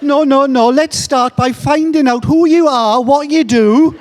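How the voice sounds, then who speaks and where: High, joking Englishman in a hall. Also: a little slow, a faint crowd, slight background noise. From England. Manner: joking, self-mocking storyteller. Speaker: speaker. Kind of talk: conference talk. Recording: long hall reverb.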